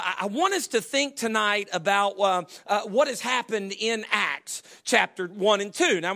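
Male preacher, high and bright-toned, folksy and joking, stumbling through restarts mid-sermon. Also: vocal fry. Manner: stammering restarts, folksy humor. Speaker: pastor.

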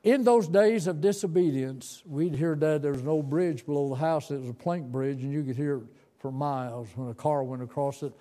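A man's voice: fairly high pitch, moderate pace, dark tone. A man in his seventies telling a tender, folksy story from his boyhood as part of a sermon. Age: 70s. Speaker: preacher.

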